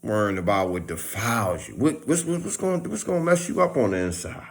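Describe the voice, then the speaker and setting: This male vlogger has a gravelly, lowish voice and talks fairly quickly. His monologue is loose and full of slang, and he animatedly performs little pieces of dialogue as he goes.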